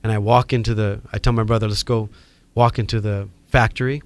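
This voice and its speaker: Animated man telling a story. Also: fairly low pitch, fairly quick. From Hawaii. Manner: animated, acts out quoted voices. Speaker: guest. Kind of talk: casual storytelling.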